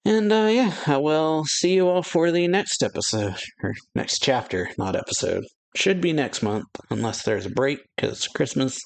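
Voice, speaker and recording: A man's voice: on the high side, lively intonation, normal speed, creaky. A man casually recapping a manga chapter, retelling the dialogue loosely and chuckling between lines. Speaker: manga reaction channel host.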